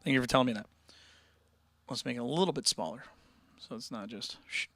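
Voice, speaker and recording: Bright, rambling livestream musician. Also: male voice, medium pitch, fairly quick, dry recording. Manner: rambling, animated, many restarts and fillers. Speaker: musician hosting a livestream chat. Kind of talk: casual livestream chat with viewers.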